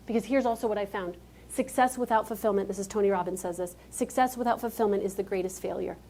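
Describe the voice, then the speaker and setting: A woman's voice: mid-range voice, fast talker, darkish tone, slight background noise. A woman giving a motivational keynote speech on stage, talking emphatically and directly to a live audience. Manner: emphatic, direct, calls out to the crowd.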